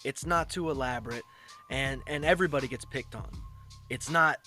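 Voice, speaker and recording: A man's voice: mid-range voice, moderate pace, sharp tone, faint music behind. A man giving casual, blunt commentary on a clip, lecturing and swearing now and then. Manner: lecturing, blunt, profane asides.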